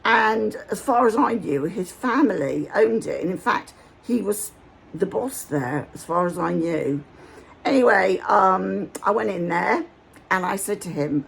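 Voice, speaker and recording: A woman's voice: medium pitch, animated, measured pace, gravelly, husky. A woman from Hampshire, England, chatting casually to camera and telling a rambling story full of asides. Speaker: vlogger.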